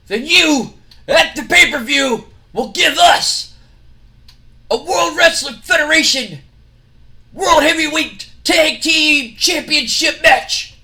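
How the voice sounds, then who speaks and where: A man putting on a brash, boastful male wrestler who trash-talks in drawn-out shouts. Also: very high-pitched, vocal fry, pitched above the performer's own voice, full character voice.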